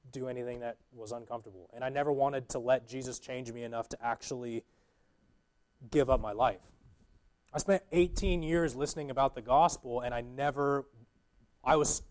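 A young man giving an earnest, informal sermon as a guest preacher, with many fillers and restarts. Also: mid-range voice.

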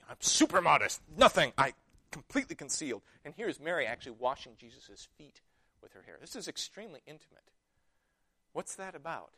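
A man preaching a sermon, retelling a story with lively delivery and acting out the quotes, dropping to a hush and then rising loud. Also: mid-range voice, dry recording. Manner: animated storytelling, acting out quotes with big swings from loud to hushed.

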